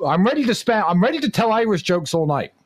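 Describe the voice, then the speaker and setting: Guy cracking jokes, teasing, voice jumps all over, kinda high. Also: big pitch swings, quick pace, no room sound. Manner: teasing, playful. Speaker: guest. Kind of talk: casual joking chat.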